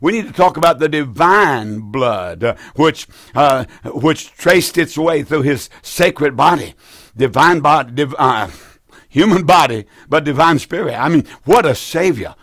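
A man's voice: on the high side, expressive, a little slow, a bit bright, dry recording, clean studio sound. A man hosting a call-in radio Bible program, preaching fervently with repeated phrases and frequent restarts. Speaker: radio Bible teacher taking calls.

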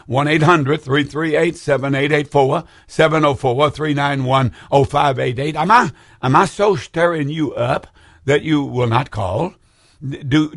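Gravelly older man preaching on air. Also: a little high, fairly bright tone, no room sound, clean studio sound. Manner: fervent, rambling, urges listeners to call. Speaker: radio preacher hosting call-in show. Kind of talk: preaching call-in broadcast.

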